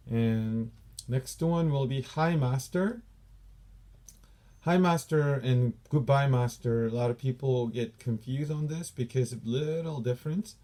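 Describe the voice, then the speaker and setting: A man's voice: medium pitch, mellow. A man with a Korean accent, a taekwondo instructor, patiently explaining and repeating Korean training terms for his students. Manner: explains patiently, repeats each term slowly. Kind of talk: teaching Korean dojang terms.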